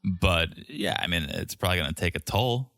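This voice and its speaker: Deep-voiced man with dry sarcastic quips. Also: lively intonation, brisk, vocal fry, fairly bright tone, no room sound. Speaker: podcast co-host. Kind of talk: casual chat recapping a reality show.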